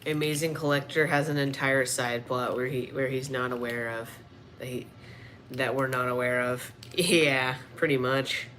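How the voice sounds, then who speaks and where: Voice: mid-range voice, steady tone, normal speed, a bit bright. Rambling streamer chatting over toy figures. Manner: rambling and offhand, trailing off. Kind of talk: casual livestream chat while playing with action figures. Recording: noisy background.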